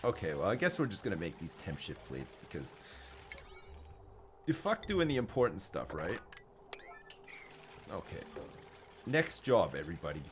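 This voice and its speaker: A man's voice: sits low, wildly swooping pitch, normal speed, pauses often, noisy background. Guy live streaming a game, casual and sweary, voice jumps around a lot. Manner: casual, sweary, chatty with chat. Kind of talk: live commentary over gameplay.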